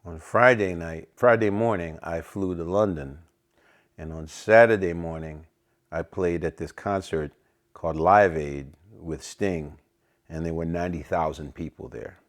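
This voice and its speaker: A middle-aged man, a jazz saxophonist, telling anecdotes in a relaxed interview and acting out the lines of people he quotes. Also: sits low, a little slow. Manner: acts out other people's lines in quoted voices.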